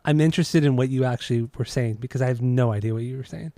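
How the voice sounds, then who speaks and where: A man's voice: medium pitch, quick pace, dark tone, no echo, clean studio sound. A man co-hosting a podcast, bantering in a laid-back way with casual swearing. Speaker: podcast co-host.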